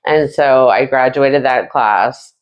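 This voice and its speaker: A woman's voice: rumbling low, slow, lo-fi sound. A woman guest telling her story in a casual, profane way, acting out the voices of people she quotes. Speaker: interview guest.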